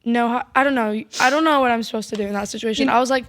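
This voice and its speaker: A young woman co-hosting a podcast in easy, casual chat, with a high, bright-sounding voice. She tells her stories in an animated way and slips into other people's voices as she goes. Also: rapid-fire. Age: young adult. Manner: animated storyteller, mimics voices. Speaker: podcast co-host.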